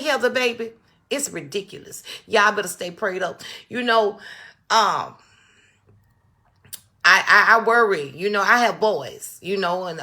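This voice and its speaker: A woman's voice: medium pitch, pushed and bright. A woman hosting a casual livestream, talking straight to her viewers, greeting them by name and repeating key phrases for emphasis. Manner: addresses viewers directly, greets chatters by name. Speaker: livestream host. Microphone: phone or small setup on a stand.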